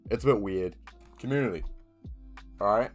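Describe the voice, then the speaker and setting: Young New Zealand man, casual sweary vlogger, slightly low pitch. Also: moderate pace, faint music behind. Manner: rambling, swears often, frequent ums. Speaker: video creator. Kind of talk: casual chat.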